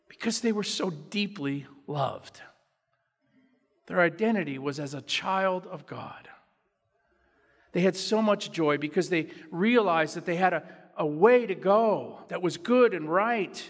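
Male pastor, earnest storytelling sermon, high voice, echoey sanctuary. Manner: earnest, personal storytelling preaching. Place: church sanctuary.

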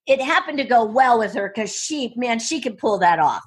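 Excitable, husky-voiced woman speaking coach. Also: fairly high pitch. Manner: excitable, rapid restarts and asides. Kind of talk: enthusiastic interview storytelling.

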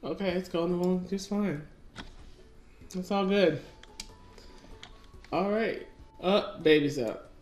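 This woman's voice sits fairly low and is a little mellow, and she takes it slowly with long pauses. A chatty let's-play gamer, she casually comments on her play and talks to her characters in an echoey room with faint music.

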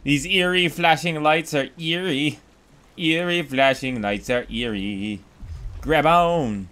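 A man's voice: a little high, takes it slowly, sharp tone. A man giving casual commentary over his own game playthrough, goofy and rambling, exclaiming at what happens on screen. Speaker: Let's Play gamer.

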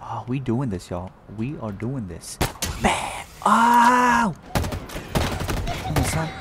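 A man hosting a gaming channel, talking casually as he plays and breaking into loud exclamations and slang. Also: mid-range voice, animated, measured pace, heavy background noise. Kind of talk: casual gameplay commentary. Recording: loud game music behind the voice.

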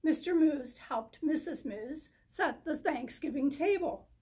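A woman reading a children's story aloud in a slow, careful way. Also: high-pitched, lively intonation, warm tone. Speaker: story reader.

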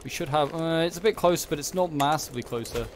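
A man's voice: a little high, quick pace, a little hiss or hum. Chatty man commenting on gameplay. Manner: chatty, thinking aloud, muttering reactions. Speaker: game commentator. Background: background music.

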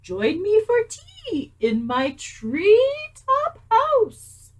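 A woman's voice: huge pitch swings, heavily acted. A woman voicing a sly owl in a children's story, hooting and drawing out her words. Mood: hooting, inviting. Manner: hooting, drawn-out and high.

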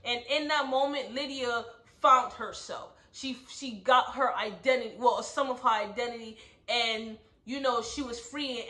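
Woman, casual book recap, animated storyteller, high bright voice, echoey room. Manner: animated storyteller, asks "right?" often. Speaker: book club host. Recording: roomy echo.

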